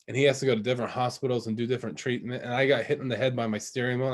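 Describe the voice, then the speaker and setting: A young man in the middle of a casual podcast chat, telling a story at his own easy pace. He talks at an ordinary pitch, circles back often and fills the gaps with "you know" and "um.". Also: steady tone, rapid-fire, hardly any pauses. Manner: rambling storytelling with many fillers and restarts. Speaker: podcast co-host.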